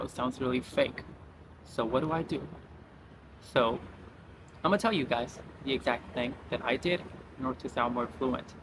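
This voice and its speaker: A man hosting his channel, giving accent tips in a casual tutorial, tagging his sentences with "right?" and "you know". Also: medium pitch. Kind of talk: casual tutorial talk to camera. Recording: steady traffic noise behind.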